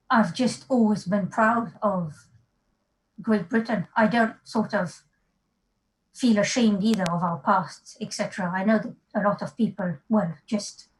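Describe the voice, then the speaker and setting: A woman's voice: medium pitch, low-quality recording. A woman with a slight French accent, a guest in a casual interview, chatting freely with frequent fillers and light laughter. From Africa and France.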